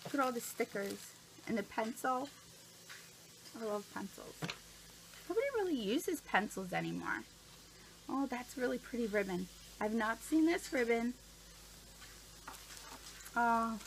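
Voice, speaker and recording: A woman vlogging at home, gushing with excited exclamations as she unboxes a package on camera. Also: fairly high pitch, moderate pace, pauses often, a little hiss or hum, rough recording. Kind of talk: casual unboxing vlog.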